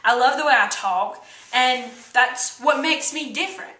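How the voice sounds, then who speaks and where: A young woman with a rural American country accent co-hosts a casual motivational vlog from an indoor room with a kitchen counter, chatty and earnest. Her voice sits high, a little slow, pushed and bright, but sounds reverberant and far from the mic, with poor audio.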